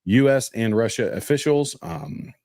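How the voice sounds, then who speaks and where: A man's voice: mid-range voice, moderate pace, vocal fry, darkish tone, dry recording, studio quality. A man co-hosting a casual political podcast, reading news stories aloud with many fillers and restarts.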